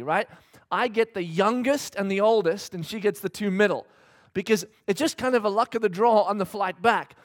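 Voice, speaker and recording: A man in his thirties preaching, telling a family story with lively acted-out quotes that swing from hushed to shouted. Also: very high-pitched. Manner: animated storyteller acting out quotes, shifting between hushed and shouted. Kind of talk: sermon storytelling.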